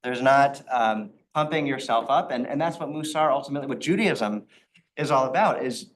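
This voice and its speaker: A man's voice: mid-range voice, normal speed. A rabbi teaching an informal Torah study class, talking in a conversational way and acting out the quotes in the stories he tells. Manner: conversational, with frequent restarts and acted-out quotes.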